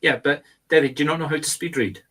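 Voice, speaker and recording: A man's voice: fairly high pitch, steady tone, quick pace, bright, forceful tone. A middle-aged man with a Scottish accent, co-hosting a casual chat, talking in an emphatic, instructive teacher's tone. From Scotland. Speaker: medium and co-host.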